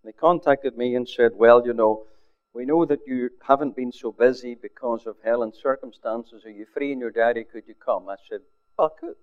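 An older man, a pastor, telling a story in a sermon, often dropping his voice to a near hush for quoted words. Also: mid-range voice, moderate pace. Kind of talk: sermon testimony. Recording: phone-like narrow sound.

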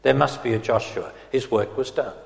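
A man preaching an expository sermon in a gentle, earnest manner, reading scripture aloud in old English. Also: medium pitch, normal speed, vocal fry. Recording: roomy hall with long reverb.

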